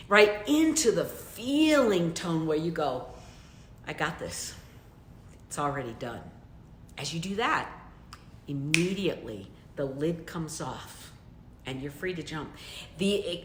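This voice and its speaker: A woman coach delivers a motivational training with a very lively, up-and-down pitch, pressing her points with repeated direct questions. Her voice rings out in a roomy, echoey space. A faint rumble sits underneath. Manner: emphatic, addresses listeners directly with repeated questions. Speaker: business coach.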